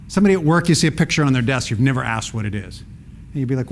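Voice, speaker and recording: A lively, fairly high-voiced man speaking to a live audience in a hall, his pitch jumping around as he acts out quick dialogues. He is middle-aged and playful, with a faint hum of room noise behind him. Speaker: public speaking teacher giving a talk.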